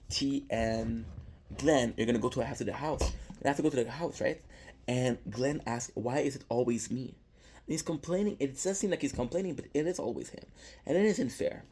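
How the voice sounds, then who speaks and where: A man's voice: medium pitch, darkish tone, a little hiss or hum. A young man giving a casual, rambling recap of a TV episode, swearing freely and often restarting his sentences. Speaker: show reviewer.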